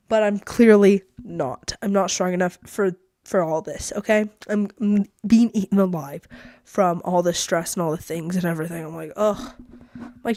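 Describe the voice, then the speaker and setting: A woman's voice: mid-range voice, a little mellow, no echo, clean studio sound. Chatty teenage girl rambling to camera. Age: teens. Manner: chatty, rambling, self-deprecating with frequent laughs. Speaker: podcast host. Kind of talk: casual solo podcast vlog. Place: her bedroom.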